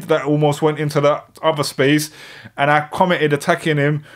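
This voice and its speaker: A man's voice: fairly high pitch, little pitch movement. A man, giving a thoughtful live reaction commentary and often checking in with the viewers. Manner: thoughtful, measured, frequent "you know what I'm saying". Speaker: streamer reacting to clips.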